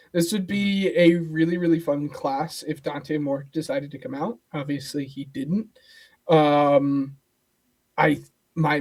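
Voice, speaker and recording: A man's voice: fairly high pitch, a little mellow. Hesitant man in casual podcast chat. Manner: hesitant, lots of "like" and "um". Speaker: co-host.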